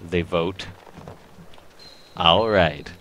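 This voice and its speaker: A man's voice: low-pitched, extremely slow, bright, forceful tone, slight background noise. A man whose first language is French, rambling and joking at his own expense while commenting on a video game. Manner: rambling, joking, self-mocking. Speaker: let's play host.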